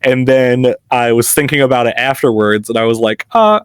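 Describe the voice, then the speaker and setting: A man's voice: mid-range voice, fairly even intonation, normal speed, clean tone, no echo, clean studio sound. A man and game master, chatting as a guest in an interview, easygoing and chuckling at himself. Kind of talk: casual interview.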